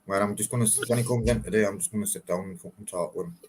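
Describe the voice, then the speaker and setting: A man's voice: fairly low pitch, fairly even intonation, rapid-fire, noisy background. A man, bluntly and animatedly telling stories in a casual chat, swearing often.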